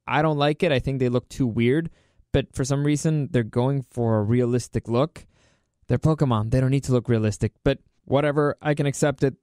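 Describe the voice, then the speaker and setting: A man vlogging a casual opinion rant, animated and incredulous, with crude outbursts. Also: mid-range voice, smooth, no room sound, clean studio sound.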